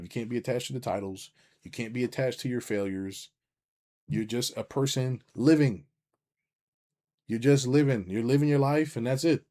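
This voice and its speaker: A middle-aged man giving a blunt, profane, animated rant as a business coach, talking to his livestream viewers and reading their chat. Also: mid-range voice, normal speed.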